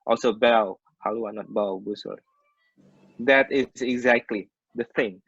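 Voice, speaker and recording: A man's voice: medium pitch, a little slow, fairly bright tone, slightly rough, no room sound. A man with an Indonesian accent teaching maritime English in an online class. He explains terms by giving Indonesian glosses and often restarts his sentences. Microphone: video call. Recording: muffled online call audio.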